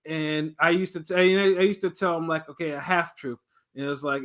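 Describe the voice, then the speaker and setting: Man, bright forceful voice, fairly high, rambling casual storyteller. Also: fairly even intonation, a little fast. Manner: rambling anecdotes with restarts and acted-out quotes. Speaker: podcast co-host.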